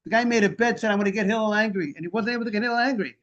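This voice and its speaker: A man's voice: high-pitched, racing, a bit bright. A man teaching a Talmud class over a video call, animatedly explaining and translating Hebrew and Aramaic phrases. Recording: dull lo-fi video call audio.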